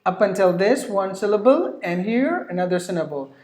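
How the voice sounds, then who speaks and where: A woman's voice: medium pitch, lively intonation, moderate pace, a little mellow, roomy sound. A woman teaching pronunciation, repeating each word several times with many fillers. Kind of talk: online pronunciation lesson.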